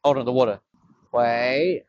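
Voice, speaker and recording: A young man, excitedly filming himself fishing on a beach, swearing and talking in slang. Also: medium pitch, a little slow, no echo, muffled recording. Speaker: vlogger. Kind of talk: casual fishing vlog commentary. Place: outdoors on a beach by the water. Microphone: camera on a tripod.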